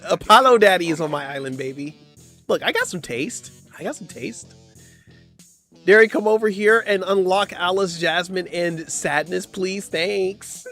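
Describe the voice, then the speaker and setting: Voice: mid-range voice, unhurried, a bit bright, faint music behind. A streamer giving casual live-stream gameplay commentary, playful and slangy, often laughing and teasing the chat. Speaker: game streamer.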